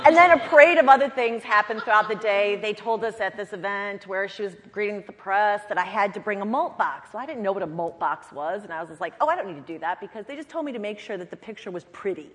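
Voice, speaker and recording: A woman panelist telling stories from her campaign days in an animated way, acting out the people she quotes. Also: medium pitch, fast, few pauses, long reverb tail, a faint crowd, a little hiss or hum. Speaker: panelist, former campaign staffer. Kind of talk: panel discussion, lively storytelling.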